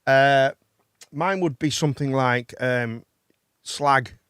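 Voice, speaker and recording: A man's voice: mid-range voice, slow pace, fairly bright tone, smooth, dry recording, clean studio sound. A man hosting a casual chat show, rambling and swearing between laughs. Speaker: host.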